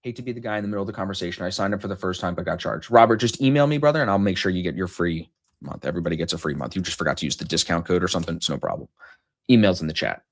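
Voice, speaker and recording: A man's voice: deep voice, racing, no echo. A man in his thirties hosting a live trading stream, brash and joking, swearing freely in casual chat.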